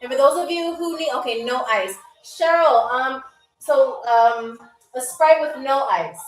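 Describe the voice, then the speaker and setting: A woman with a high, bright voice, hosting a live game show as a playful stewardess. She chats animatedly to viewers, calling them y'all. She sits back from the mic in an echoey room, with faint music underneath. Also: unhurried, recorded from a distance. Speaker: host playing a flight attendant on a live game show. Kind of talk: playful live-stream role-play as stewardess.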